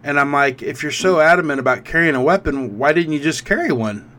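A man co-hosts a casual chat in a slightly high voice. He repeats and restarts his words as he works through his thoughts. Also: expressive, a little fast, a bit bright. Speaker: podcast co-host.

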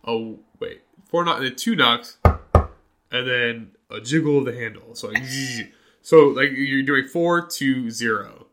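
A man from Montana hosting a podcast, casually telling a lively story and acting out the voices of people in it. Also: medium pitch, slow, very noisy. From Montana, USA. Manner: animated, acts out quoted voices in his stories. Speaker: podcast host.

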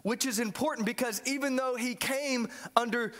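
Animated joking preacher. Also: male voice, very high-pitched, moderate pace. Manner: animated, joking, acts out the characters. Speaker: pastor. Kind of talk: sermon.

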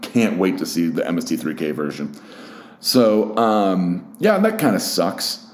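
A young man hosts a casual solo podcast, his voice sitting low with a sing-song, unhurried lilt and a little hiss or hum in the background. He rambles, runs himself down, and swears plenty, all in a room with a roomy echo.

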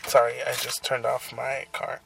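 Parked in his car, a young man hosts a casual solo podcast, rambling and swearing through crude stories. His gravelly, medium-pitched voice is completely flat and moves at a moderate pace, and the recording is very noisy.

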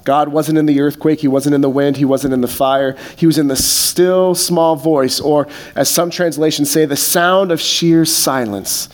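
A man with a notably high voice preaching a sermon as a pastor. His delivery is relaxed and conversational, dotted with jokes and filler words. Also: moderate pace, hardly any pauses. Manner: casual and joking, many fillers.

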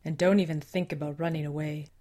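A woman voicing a gruff, grumpy female wolf shapeshifter in an audiobook, blunt and threatening. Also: sits low, fairly even intonation, quick pace, warm tone.

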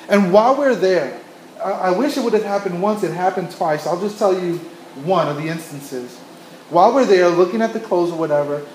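This is a pastor preaching in a church, his voice notably high for a man. He tells stories earnestly, doubling back and repeating himself as he builds his point. The sound rings in an echoey room with faint ambience behind him. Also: a little hiss or hum. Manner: earnest storytelling with many restarts and repetitions. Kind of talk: sermon.

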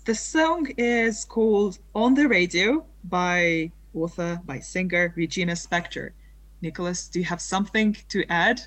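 Female radio co-host, earnest and formal, lower pitch, dry close studio sound. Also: unhurried, fairly bright tone, dry recording. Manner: earnest, formal phrasing with many restarts. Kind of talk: student radio news segment.

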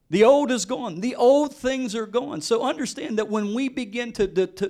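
A middle-aged male pastor preaching a sermon in an earnest, animated way, often repeating and restarting his words. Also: high-pitched.

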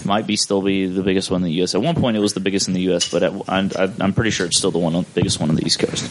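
Laid-back, low-voiced guy telling a story. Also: fairly even intonation, rapid-fire, noisy background. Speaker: podcast host. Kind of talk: casual storytelling chat.

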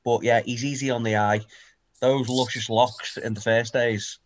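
Scouse lad co-host, sweary and fired up, ordinary pitch. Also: male voice, normal speed, slight background noise. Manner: animated, sweary, excitable storytelling. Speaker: podcast co-host. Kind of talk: casual chat.

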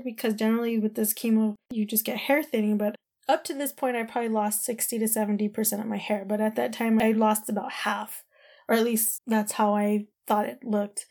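A woman's voice: a little high, a little mellow. A woman in her thirties telling a personal story in a candid, emotional, rambling way, full of "like" and "you know".

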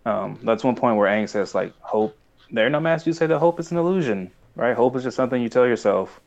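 A man's voice: medium pitch, animated, fairly quick, gravelly, darkish tone, highs cut off. A young man chatting casually as a podcast co-host, rambling and acting out quoted lines. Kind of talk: casual chat recapping a cartoon.

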